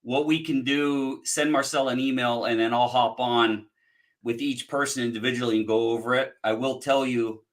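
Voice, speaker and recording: A man who drops into a video call out of breath, friendly and a little hurried. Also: medium pitch, steady tone. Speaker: guest's husband. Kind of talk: casual chat on a video call.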